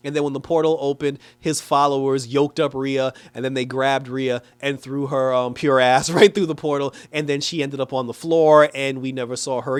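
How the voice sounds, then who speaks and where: A man giving a casual, animated review of a TV episode, talking loosely with lots of "like" and quick laughs. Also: on the high side, clear, resonant tone. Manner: animated, chatty, frequent "like" and laughs; acts out characters in exaggerated quoted voices. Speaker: TV show reviewer.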